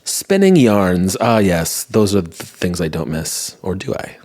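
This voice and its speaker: Male podcast host, casual rambling monologue, wry self-mocking humor, low-ish voice. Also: big pitch swings, measured pace, a little mellow. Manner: rambling, wry, laughs at himself. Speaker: podcast host answering listener messages.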